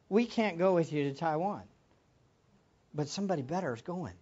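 A preacher giving an impassioned sermon, moving from quiet reflection to loud exclamations and closing in prayer. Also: medium pitch, lively intonation, moderate pace, husky, dull audio. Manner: ends in prayer.

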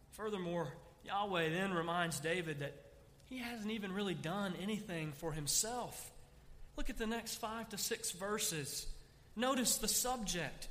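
A man's voice: high voice, pushed and bright, in a large hall. A man preaching a sermon, emphatic and full of rhetorical questions. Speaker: pastor.

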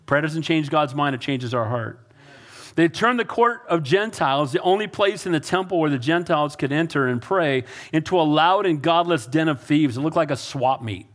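High-voiced man preaching a sermon. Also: lively intonation, moderate pace. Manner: emphatic, repetitive calls to the congregation. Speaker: pastor.

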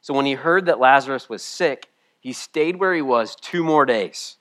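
Male pastor, tearful sermon, swings between soft reading and loud pleading. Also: medium pitch, expressive, moderate pace. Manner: emotional, swings from hushed to loud. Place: church room with a congregation.

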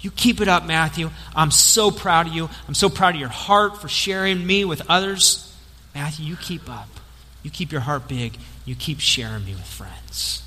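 A man voicing Jesus as a gentle, tender figure praising a follower, speaking softly, quietly and low. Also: steady tone, normal speed, slight background noise. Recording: long church hall reverb.

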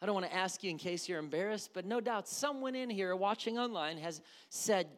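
A male pastor preaching a sermon, swinging from loud urgent passages to hushed near-whispers and acting out quoted prayers. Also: high voice, animated, a little fast. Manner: acts out quoted prayers and everyday voices.

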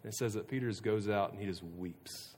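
A man preaching a sermon in a relaxed, chatty way, full of filler words and restarts. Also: on the low side, brisk, slight background noise. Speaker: pastor. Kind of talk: casual conversational sermon. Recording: long hall reverb.

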